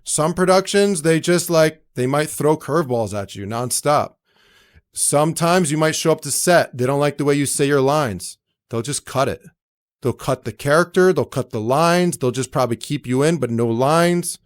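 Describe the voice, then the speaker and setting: A young man, a guest in a casual interview, telling animated stories and acting out other people's voices, with lots of fillers. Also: on the high side, moderate pace. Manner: animated, acts out quoted voices, many fillers. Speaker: actor and entrepreneur, guest.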